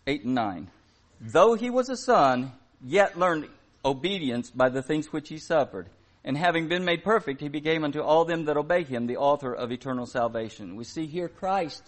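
A man preaching a sermon, reading scripture aloud with slow emphasis and sometimes correcting himself. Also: medium pitch. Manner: plain, earnest delivery with occasional verbal slips.

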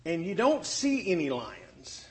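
Animated, high-pitched preacher man. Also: unhurried. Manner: animated, acts out scripture quotes. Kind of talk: sermon.

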